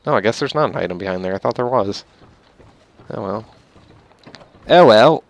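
Young male gamer, low gravelly voice, rambling play-by-play with sudden mock-furious swearing. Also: lively intonation, fairly quick. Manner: rambling, swears at enemies, mock-angry outbursts. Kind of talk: casual gameplay commentary.

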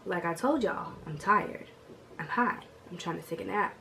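A woman's voice: lowish voice, moderate pace, vocal fry, slight background noise. Sick young woman telling a story. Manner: animated, slangy, talks straight to viewers. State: sick with a cough. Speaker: vlogger. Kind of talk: casual storytime vlog.

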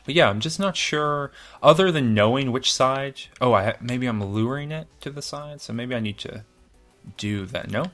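A man's voice: mid-range voice, normal speed, faint music behind. A man commentating his own video game playthrough, thinking aloud and cheerfully mocking his own play. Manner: excitable, self-deprecating, thinks aloud.

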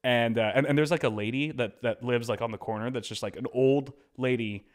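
A young man on a podcast telling a story in a casual, animated way, switching into quoted voices as he goes. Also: medium pitch, a little fast. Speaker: podcast co-host.

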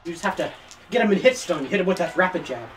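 A man's voice: high voice, expressive, quick pace, recorded from a distance, a crowd in the background. A young man giving joking play-by-play on a friend's video game match at home, laughing often. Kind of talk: casual gaming commentary. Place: basement at home.

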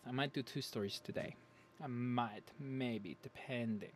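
A man's voice: medium pitch, unhurried, a little hiss or hum. Male vlog host, casual and rambling, playful and jokey, mid-range voice. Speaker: channel host. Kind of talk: casual story-time vlog chat.

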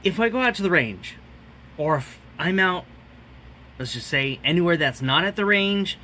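A man's voice: on the high side, expressive, normal speed, bright, forceful tone, a little hiss or hum. A man hosting a casual gear review vlog, talking in a jokey, rambling way with self-mocking asides. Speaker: channel host.

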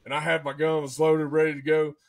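A man, a podcast guest telling a story in an excitable, animated way and often saying "man" and "dude". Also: on the high side, fairly quick. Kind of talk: casual storytelling.

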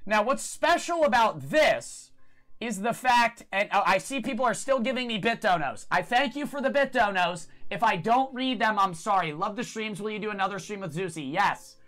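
A man live-streaming, talking fast and cursing, on a cheap lavalier mic that sounds blown out. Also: high-pitched, animated. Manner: fast, profane, bursts into shouting. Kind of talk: casual live stream chat. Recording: distorted lavalier mic, music behind.

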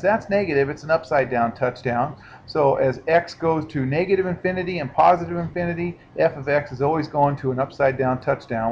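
Casual male math teacher, lo-fi recording. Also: mid-range voice. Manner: casual, explanatory, checks in with listeners. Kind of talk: recorded classroom lecture. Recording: dull lo-fi sound with faint hiss.

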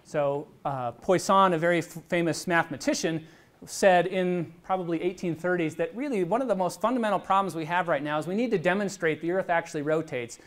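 A man's voice: high-pitched, a little fast. Man giving a physics lecture with demonstrations. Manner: conversational, explains step by step with asides and restarts. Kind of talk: university lecture with live demonstration. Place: lecture hall.

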